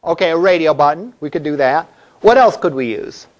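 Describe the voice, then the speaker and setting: A man's voice: fairly high pitch, expressive, brisk. A male college instructor giving a classroom lecture in a conversational way, asking the class questions as he goes.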